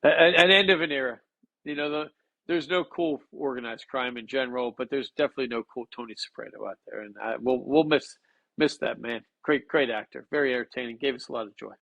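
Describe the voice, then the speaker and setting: A man co-hosting a casual sports betting chat, talking excitably with frequent stammered restarts. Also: mid-range voice, fast, vocal fry, no room sound, highs cut off.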